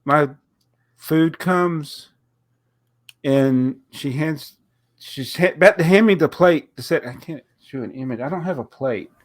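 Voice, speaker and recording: A podcast co-host with a nasal, stuffed-up voice, recovering from a cold, tells a rambling story in casual chat, laughing often. His voice is a little high and a little slow. The recording is dry.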